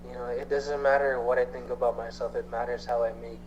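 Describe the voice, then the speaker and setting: A man's voice: medium pitch, little pitch movement, fast, highs cut off, background noise. A young man with a Filipino accent, answering interview questions earnestly, switching between English and Tagalog with hesitant fillers. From Philippines. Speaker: guest actor. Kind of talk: casual interview chat.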